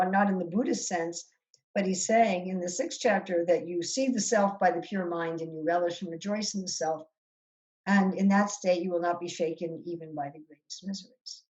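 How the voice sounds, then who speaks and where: A woman's voice: medium pitch, rough recording. A woman leading a scripture discussion as a spiritual teacher, speaking thoughtfully and often restarting her phrases. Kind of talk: teaching over a video call. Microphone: video call.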